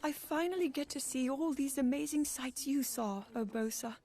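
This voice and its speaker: A woman voicing a gentle young princess in a game cutscene, speaking softly, wistfully and earnestly. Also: high voice, moderate pace, a little hiss or hum. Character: young princess recalling a lost friend, gentle.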